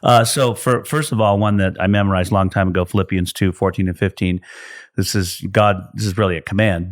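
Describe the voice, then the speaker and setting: A man's voice: lowish voice, fast. A middle-aged man from California, a pastor, talking earnestly about scripture in a casual podcast conversation and restarting his sentences often. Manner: earnest, with frequent restarts while explaining scripture.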